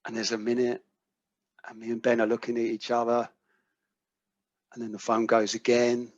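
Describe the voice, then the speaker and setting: A man's voice: mid-range voice, completely flat delivery, moderate pace, dry recording. A man with a British accent, speaking at a recovery workshop and telling a personal story, acting out the quoted dialogue and swearing now and then. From United Kingdom. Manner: vivid storyteller who acts out quoted dialogue, swears casually. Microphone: video call microphone. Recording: dull, lo-fi call audio.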